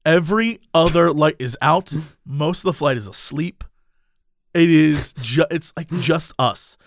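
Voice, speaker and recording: A young man telling a casual anecdote, animated and laughing often as he talks. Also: a little high, measured pace, no echo, studio quality.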